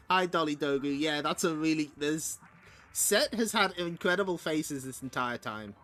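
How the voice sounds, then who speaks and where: A man's voice: a little high, lively intonation, unhurried, pushed and bright. A man hosting a stream, reading a comic aloud and making casual, wry asides with frequent laughter. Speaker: streamer host. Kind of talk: casual comic read-along commentary.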